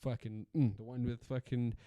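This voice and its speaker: A man's voice: mid-range voice, little pitch movement, moderate pace, warm tone, no room sound, dull audio. A South African man hosting a solo podcast in a casual, rambling rant, swearing freely and repeating himself for emphasis. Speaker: podcast host.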